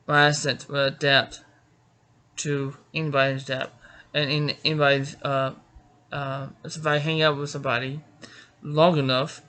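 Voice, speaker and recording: A man's voice: medium pitch, sharp tone. A middle-aged man from Georgia, a martial arts author, talking casually about himself with many stammers and restarts. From Georgia, United States. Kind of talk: casual self-introduction.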